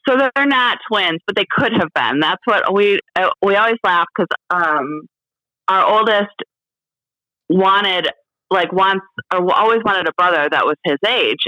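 A woman speaking as an interview guest, candid and halting, full of fillers and restarts, laughing now and then. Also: fairly low pitch, lively intonation, bright, forceful tone, dry recording, low-quality recording. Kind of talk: casual interview chat.

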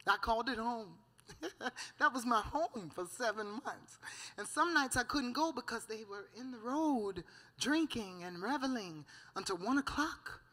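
A woman's voice: fairly high pitch, animated, unhurried, pushed and bright. A woman giving a preached church testimony, fervent and storytelling, breaking in with amen and hallelujah and often laughing.

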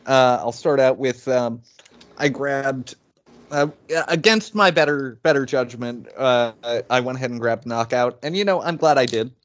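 A man co-hosting a casual podcast chat, easygoing and self-deprecating, with halting restarts. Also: mid-range voice, highs cut off. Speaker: podcast co-host. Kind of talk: casual chat about toy purchases.

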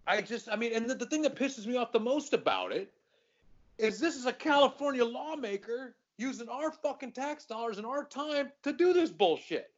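A man's voice: very high voice, big pitch swings, moderate pace, dull audio. A man co-hosting a podcast, ranting in casual chat with lots of swearing. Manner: profane, ranting, worked up. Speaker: podcast co-host.

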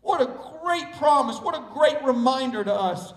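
A man's voice: very high voice, expressive, normal speed. A man with a Southern US accent preaching a sermon as pastor, stressing and repeating key words. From Southern United States. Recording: echoey room, mic far off.

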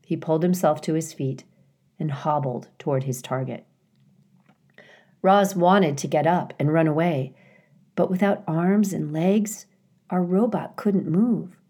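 A woman reads a children's novel aloud, taking her time over each line. Her voice sits low and her storytelling is slow and careful. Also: mellow, husky. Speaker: reader.

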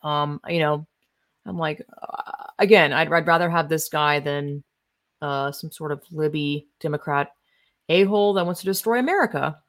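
Blunt, profane woman with a lowish voice. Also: moderate pace. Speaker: political commentary host. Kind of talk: casual reaction commentary.

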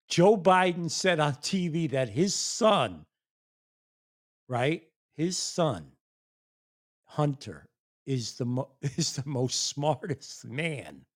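An incredulous streamer unloads a profanity-filled political rant on his online audience, cursing throughout and laughing in disbelief. He speaks with slow heaviness, and his high voice leaps unpredictably.

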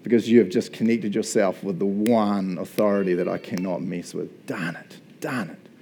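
A man's voice: low-pitched, steady tone, moderate pace, creaky, mellow, slight background noise, pitched below the performer's own voice. A man voicing a mocking, scheming male devil who taunts in swaggering slang. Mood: grudging.

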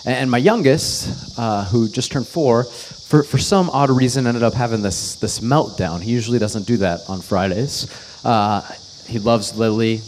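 A man's voice: mid-range voice, unhurried, a little mellow, a little hiss or hum. A man in his thirties, a pastor, delivering a sermon as an earnest, conversational story.

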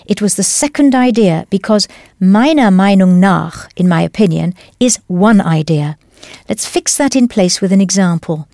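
A woman teaching a language lesson in a clear, patient, encouraging scripted voice. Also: medium pitch, expressive, normal speed, dark tone, no room sound, studio quality.

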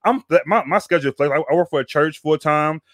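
A man's voice: a little high, brisk, a bit bright, no echo, clean studio sound. A man hosting a podcast in casual chat, rambling and repeating words with plenty of slang. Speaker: podcast host.

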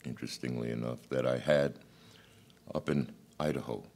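A man preaching a sermon in a reflective, halting delivery. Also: a bass voice, fairly even intonation, a little mellow.

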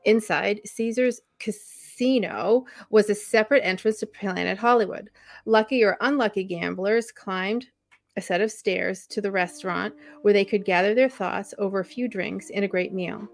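A woman's voice: medium pitch, normal speed. A woman reading a first-person memoir chapter aloud as a podcast co-host.

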